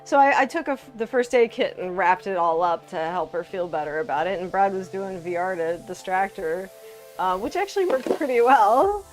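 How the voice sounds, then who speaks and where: A woman's voice: mid-range voice, animated, normal speed, soft background music. Chatty woman telling family stories. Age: adult parent. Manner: chatty storyteller, laughs often. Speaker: co-host of a live VR stream. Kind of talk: casual chat.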